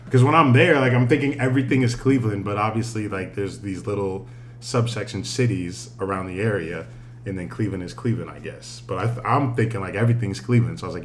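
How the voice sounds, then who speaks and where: A man co-hosting a podcast, telling a travel story with lively, casual swearing. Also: fairly low pitch, quick pace, a little hiss or hum. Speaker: podcast co-host. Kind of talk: casual chat.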